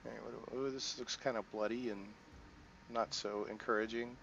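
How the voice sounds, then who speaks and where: A man hosting a game playthrough, chatty and thinking aloud as he goes, with a middle-pitched everyday voice. The recording sounds a little dull and muffled, and a faint hiss sits underneath. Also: fairly even intonation, normal speed, creaky, a bit bright. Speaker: let's play host. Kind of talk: casual game commentary.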